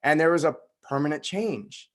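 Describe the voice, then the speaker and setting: A man's voice: on the high side, normal speed. A man hosting a podcast interview, reflecting on a topic in a conversational way, with frequent fillers. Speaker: podcast host.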